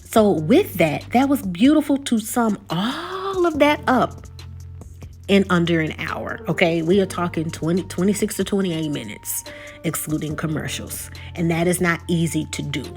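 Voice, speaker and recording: A woman's voice: lowish voice, lively intonation, moderate pace, darkish tone, soft background music. A young woman giving a casual, conversational recap and review of a TV episode. She repeats words and keeps checking in with her listeners.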